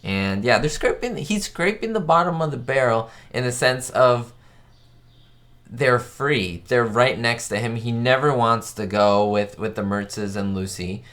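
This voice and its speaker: A man's voice: mid-range voice, unhurried, fairly bright tone. Chatty man hosting a live stream. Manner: chatty and enthusiastic, reading viewer questions aloud. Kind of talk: casual live stream commentary.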